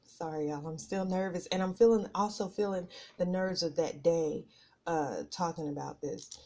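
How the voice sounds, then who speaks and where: A woman's voice: fairly low pitch, moderate pace, dark tone. A middle-aged woman, hosting a casual podcast, nervous and out of breath, rambling with many fillers. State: out of breath from nerves. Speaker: podcast host. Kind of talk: casual personal chat. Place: home office at a computer.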